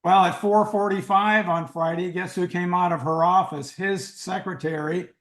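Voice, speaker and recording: Animated older male storyteller. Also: sits high, normal speed. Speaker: guest. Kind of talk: storytelling in an interview. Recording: roomy echo.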